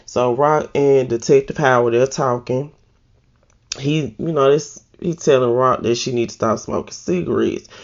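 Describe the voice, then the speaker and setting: A woman's voice: extremely low pitch, moderate pace, lo-fi sound. A woman casually recapping a TV episode in a loose, slangy way and laughing at herself. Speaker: TV recap host.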